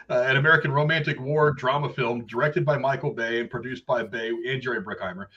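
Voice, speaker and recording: A relaxed male podcast host who talks in an easygoing way, chuckling between fillers. His voice sits in a middle range, and the recording sounds somewhat dull and lo-fi. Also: medium pitch, fast talker, hardly any pauses, a little hiss or hum. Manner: laid-back, chuckling, many fillers. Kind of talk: casual chat and read-out intro. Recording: dull lo-fi audio.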